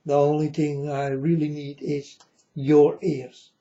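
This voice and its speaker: Man, rambling preachy monologue, slightly high voice, muffled lo-fi sound. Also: level tone, warm tone. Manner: slow, repetitive, preachy, addresses viewers as folks. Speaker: self-styled prophet. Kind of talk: rambling religious monologue to viewers. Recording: dull lo-fi sound.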